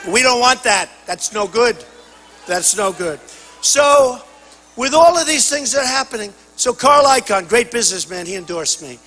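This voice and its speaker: An older man giving a campaign rally speech at a podium microphone, boastful and repetitive, often shouting to the crowd. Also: very high voice, lively intonation, moderate pace, big-room sound, low-quality recording. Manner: boastful, repetitive, punchy phrases. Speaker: political candidate at a rally. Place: large rally venue.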